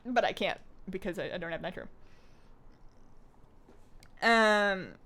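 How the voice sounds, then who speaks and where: A woman's voice: medium pitch, takes it slowly, a bit bright. Woman, young adult, livestream gamer, bubbly, rambling, casual chat. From Greek heritage. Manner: bubbly, rambling, chatty with frequent fillers. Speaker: streamer.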